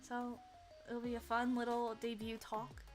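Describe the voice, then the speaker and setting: A young woman streaming casually, excitable and giggly, with lots of fillers and restarts. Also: fairly high pitch, a little slow, soft background music. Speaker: VTuber streamer. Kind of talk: casual livestream chat.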